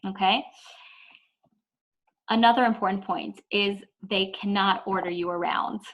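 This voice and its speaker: A woman's voice: mid-range voice, fairly even intonation, measured pace, pauses often, a bit bright, poor audio. Chatty woman teaching a parenting class. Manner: chatty, says "like" a lot, acts out whiny kids. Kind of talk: online parenting lesson.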